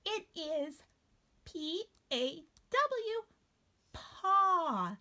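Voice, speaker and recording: A woman hosting a children's story time, speaking in an animated, sing-song way that encourages the children. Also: very high voice, extremely slow, lo-fi sound.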